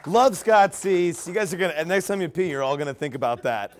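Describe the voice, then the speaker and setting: A man hosting a comedy show, excitably hyping the crowd and introducing acts. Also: on the high side, a little fast, few pauses, a little hiss or hum. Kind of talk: emcee introductions.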